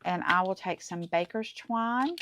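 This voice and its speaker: A woman's voice: medium pitch, measured pace, background noise. A woman hosting a casual crafting tutorial, chatty and enthusiastic as she talks through each step. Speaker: crafting channel host.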